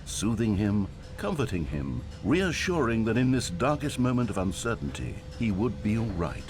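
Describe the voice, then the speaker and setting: A man's voice: lowish voice, very animated, normal speed, over music. An actor playing a dry, ironic male narrator of a video game, speaking with mock solemnity. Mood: wry.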